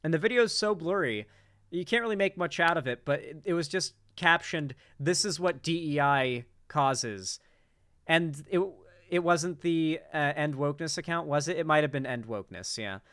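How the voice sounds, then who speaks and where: A man's voice: fairly high pitch, fairly quick, a bit bright, no echo. A young man giving casual, profane, incredulous reaction commentary on a political clip.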